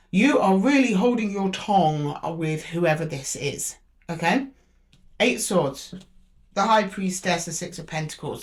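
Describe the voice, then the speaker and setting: A woman reading tarot cards to camera. She speaks straight to the zodiac sign, thinks aloud and often stops and restarts. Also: medium pitch. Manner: hesitant, with frequent restarts while drawing cards. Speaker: tarot reader.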